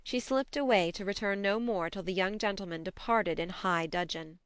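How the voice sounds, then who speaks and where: A woman narrating an audiobook in a measured, expressive reading. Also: medium pitch, smooth, dry recording, clean studio sound. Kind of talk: scripted narration.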